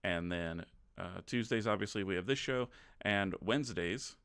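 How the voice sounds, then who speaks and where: Deep-voiced man hosting. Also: moderate pace, fairly bright tone, clean tone, no echo, clean studio sound. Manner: chatty, loose, many ums. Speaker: game master and host. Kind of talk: casual show announcements.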